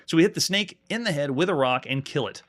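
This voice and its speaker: A man's voice: on the high side, expressive, fast, a bit bright. A man streaming a live playthrough of an old adventure game, reading the screen text aloud and chatting with viewers between commands. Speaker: streamer playing retro games. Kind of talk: live gameplay commentary.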